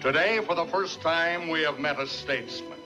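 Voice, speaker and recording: Actor as a businesslike American senator, blunt, dull old film sound, music behind. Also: male voice, a little high, normal speed, close to an everyday voice. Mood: orating. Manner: plain-spoken, businesslike. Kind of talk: 1950s film acting.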